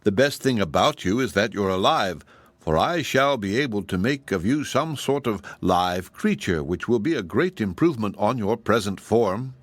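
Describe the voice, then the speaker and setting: A man voicing a cruel, scornful giantess sorceress in an audiobook, speaking slowly and mockingly. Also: fairly low pitch, lively intonation, dry recording. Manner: slow, mocking and menacing.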